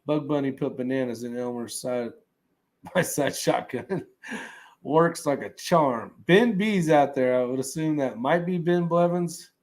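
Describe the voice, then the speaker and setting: A man hosting a casual livestream, reading chat comments aloud in a relaxed, rambling way that often trails off. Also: medium pitch, unhurried.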